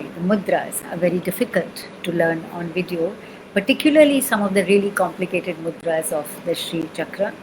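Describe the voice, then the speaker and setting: In a noisy setting, a woman with a low-leaning voice and an Indian accent gives a spoken sound healing lesson. She demonstrates chants, patiently repeating syllables and making sure the listener is following.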